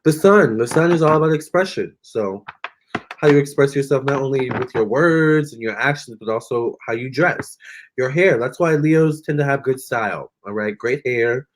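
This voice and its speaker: A man's voice: mid-range voice, moderate pace, a little hiss or hum. Chatty young man doing a live tarot stream. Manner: rambling, chatty, many fillers and restarts. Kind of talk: casual live-stream chat reading comments.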